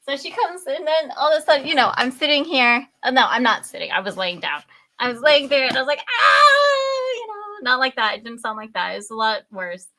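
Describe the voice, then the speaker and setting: A young woman, a podcast guest, telling a story in animated casual chat, laughing often and acting out her own reactions with loud squeals. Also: high-pitched, fast.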